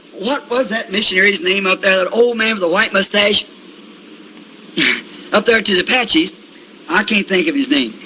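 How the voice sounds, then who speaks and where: A man's voice: sits high, sharp tone, a little hiss or hum, poor audio. An older man preaching a sermon, telling a folksy anecdote and chuckling as he goes. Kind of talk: sermon storytelling.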